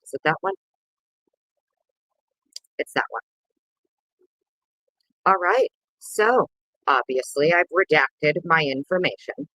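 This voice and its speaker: A woman's voice: animated, takes it slowly, pauses often, pushed and bright, dry recording, poor audio. A woman hosting a casual livestream, greeting viewers by name in a playful, sing-song way. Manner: bursts of sing-song and squeaky voices. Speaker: livestream host.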